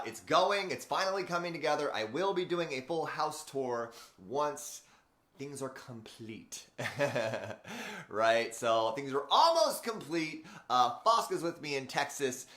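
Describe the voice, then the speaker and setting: Male host, bright voice, rambling and chatty, echoey empty room, live-stream feel. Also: on the high side. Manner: chatty, rambling, laughs often, greets viewers by name. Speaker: host, transformational speaker and coach. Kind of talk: unscripted live-stream talk. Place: room in a new house being made into a studio. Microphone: camera framing, live stream.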